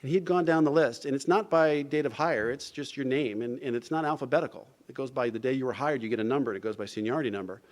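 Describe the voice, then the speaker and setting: A middle-aged man from New Jersey speaks at a recovery meeting, recounting his story and slipping into the voices of the people in it. His pitch sits in an ordinary middle range, and he keeps dropping "you know" between sentences. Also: quick pace, hardly any pauses. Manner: storytelling, acts out dialogue; frequent "you know" asides. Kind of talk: personal recovery talk. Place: event hall.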